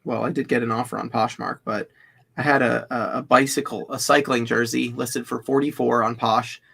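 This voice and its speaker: A man's voice: medium pitch, steady tone, moderate pace, vocal fry, fairly bright tone, breathy edge. A man co-hosting a live reselling stream, talking in a laid-back way while checking his listings. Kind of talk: casual livestream chat.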